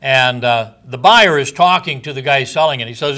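Delivering a sermon, this probably older preacher uses a mid-range voice. His pace is slow and deliberate, and each phrase trails gently away.

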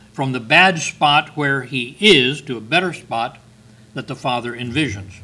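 A man's voice: medium pitch, pushed and bright, slightly rough, low-quality recording. An older man preaching a sermon, reading scripture with earnest, emphatic stresses.

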